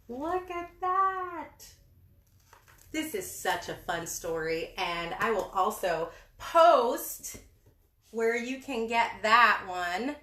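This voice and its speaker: Bright singsong woman reading to kids. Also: a little high. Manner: animated, singsong, talks to young kids. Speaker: artist reading picture books to children. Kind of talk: children's story time read-aloud. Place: indoor room with books. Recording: echoey room.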